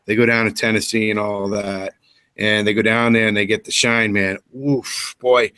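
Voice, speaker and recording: A man from the northern US co-hosting a casual radio chat, full of excitable, laughing banter. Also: fairly low pitch, moderate pace, clean tone. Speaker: co-host.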